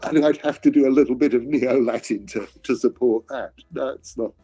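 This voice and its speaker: An older male classics scholar talks in an interview, halting and restarting often. His humor is dry and self-mocking, and his voice sits at an ordinary pitch. Faint music plays underneath. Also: mellow, slightly rough. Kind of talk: conversational interview.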